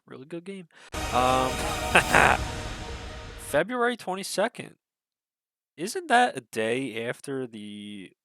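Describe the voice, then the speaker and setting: A young video creator with a gravelly, mid-range voice offers casual reactions to a trailer through a stuffy nose. He rambles and swears a lot, hesitating with lots of fillers, then swings into excited bursts.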